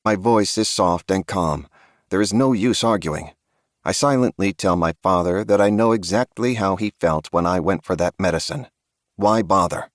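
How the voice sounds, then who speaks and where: Deep-voiced man narrating a horror audiobook. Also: normal speed, no room sound, clean studio sound. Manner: grave, tense storytelling.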